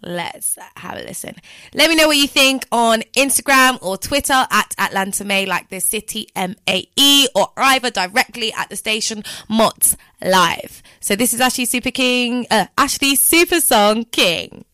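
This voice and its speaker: A woman's voice: a little high, expressive, normal speed, sharp tone, no echo. A woman hosting a radio show, chatting casually and giggling, with many fillers.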